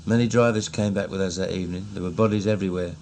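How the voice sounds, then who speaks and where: A man with a Cockney accent, slowly and fondly recounting old memories in a recorded diary. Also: deep voice, fairly even intonation, a little mellow, a little hiss or hum. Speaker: narrator.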